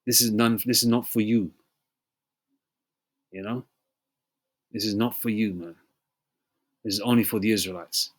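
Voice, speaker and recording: A man preaching an informal sermon, reading verses slowly and pausing to ask "you know?" and "okay?" again and again, with throat clearing between passages. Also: fairly low pitch, steady tone. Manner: emphatic, repeats "you know?" and "okay?" often.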